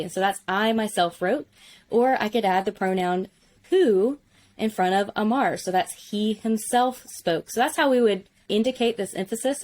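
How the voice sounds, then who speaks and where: Kobieta z zapałem tłumacząca gramatykę. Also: female voice, medium pitch, darkish tone. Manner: enthusiastic, explanatory, uses "like" often. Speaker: Biblical Hebrew teacher. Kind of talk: conversational teaching.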